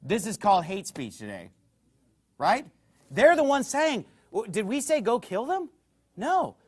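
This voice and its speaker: High-pitched, heated preacher man. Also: wildly swooping pitch, unhurried, breathy edge. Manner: heated, preaching with shouted peaks and rhetorical questions; reads passages aloud from a book. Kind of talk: fiery sermon.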